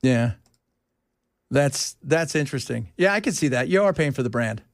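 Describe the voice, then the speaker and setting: Recorded dry with studio quality, this talk radio host speaks at a mid-range pitch and normal speed. His casual banter turns into lively stories, complete with silly voices and laughs.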